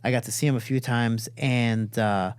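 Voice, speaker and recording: A man from Chicago telling a story as a podcast guest, acting out the people in it with sudden high-pitched quotes and plenty of swearing. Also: normal speed, clear, resonant tone, dry recording. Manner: animated, acts out quoted voices with big jumps up in pitch, swears freely. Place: studio.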